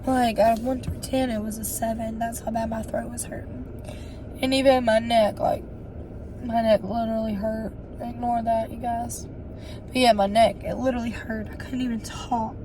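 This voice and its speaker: Young woman, hoarse and short of breath, chatty vlog storyteller with a slightly high voice. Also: fairly even intonation, background noise. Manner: chatty, storytelling, quick asides. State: hoarse and winded from bronchitis. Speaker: vlogger. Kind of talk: casual chat to camera.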